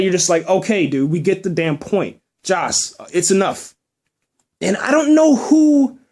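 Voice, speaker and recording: A man with a fairly high voice talks alone into the mic as a podcast host. He is emphatic and emotional, circling back and repeating words as he presses his point. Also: darkish tone. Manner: emphatic, repeats himself when worked up. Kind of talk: solo spoken movie review.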